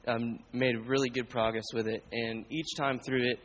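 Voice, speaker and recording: A man's voice: mid-range voice, little pitch movement, normal speed, muffled recording. A young man, a student, sharing a casual, hesitant testimony in a church group. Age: young adult. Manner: hesitant, many restarts.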